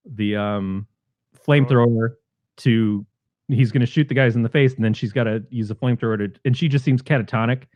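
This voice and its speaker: A man's voice: mid-range voice, darkish tone, no room sound, highs cut off. A man co-hosting a podcast, chatting casually about a film and eagerly retelling its scenes. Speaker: podcast co-host. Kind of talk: casual film review chat.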